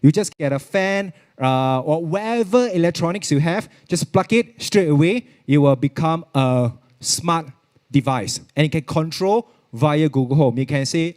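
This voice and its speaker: At a normal speed, a man with a higher, animated voice and a darkish tone demonstrates a product live at a virtual expo. He speaks Singaporean-accented English in a chatty way, repeats himself, and slips into Mandarin.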